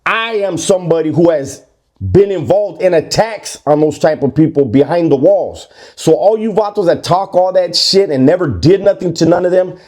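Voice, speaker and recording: A man's voice: on the high side, darkish tone. A middle-aged man, talking bluntly and confrontationally in a casual monologue. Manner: blunt, confrontational street talk. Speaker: commentator.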